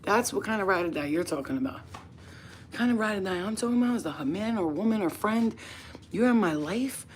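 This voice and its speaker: A woman casually chatting to her viewers at home, blunt and profane, animated and sometimes dropping to a soft whisper. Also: medium pitch, brisk, slight background noise. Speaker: spiritual channel host. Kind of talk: casual straight-to-camera chat.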